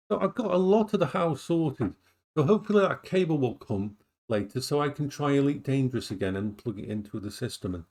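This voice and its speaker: A man chatting casually on a live stream from his home, often breaking into high baby talk for his dogs. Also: darkish tone.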